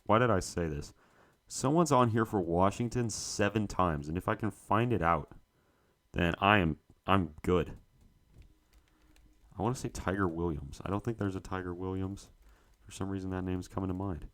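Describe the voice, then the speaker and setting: A man's voice: low voice, moderate pace, a bit bright. A young man, co-host of a sports show, thinking aloud to himself as he works through a trivia quiz, muttering and searching for names.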